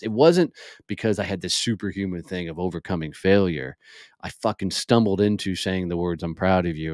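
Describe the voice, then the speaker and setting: A lowish-voiced man in his forties recounts his past in a raw, unfiltered way, swearing freely and acting out his own inner voice. The sound is dry and close, with no room around it. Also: no room sound. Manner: blunt, profane, animated storyteller. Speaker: podcast guest. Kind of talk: candid storytelling interview.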